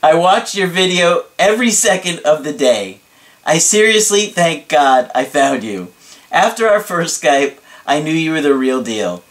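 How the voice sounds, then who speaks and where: A dramatic, excitable young man pours out his thanks, drawing every word out slowly and theatrically, as a man puts him on. The voice sits a little high for a man. He leans hard on each phrase for effect. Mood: gushing. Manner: drawn-out dramatic emphasis.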